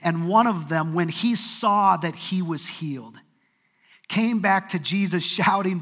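A man preaching a sermon, telling a story earnestly, sometimes brisk and sometimes dropping to a hush. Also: high-pitched, long reverb tail. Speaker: pastor.

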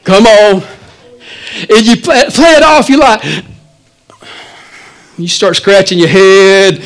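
A man, the pastor, preaching a sermon in a church, swinging between loud, animated stretches and quiet asides. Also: very high-pitched, slow, long pauses, low-quality recording.

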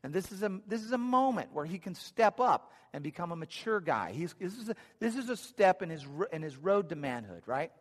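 Storytelling preacher, slightly high voice, echoing hall. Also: male voice, very animated, a little fast, hardly any pauses. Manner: conversational storytelling, dry humor. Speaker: pastor. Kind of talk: sermon with personal stories. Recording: long hall reverb.

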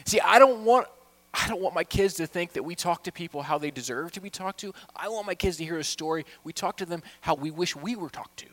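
A male pastor delivering a heartfelt sermon. His voice sits a little high for a man, and he swings between quiet, intimate asides and loud, pleading appeals to his congregation. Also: animated, a little fast. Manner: impassioned preaching, swinging from hushed to loud.

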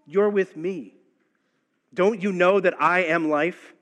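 A man voicing Jesus as he gently questions his frightened followers. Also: high-pitched, steady tone, slow. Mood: gently questioning.

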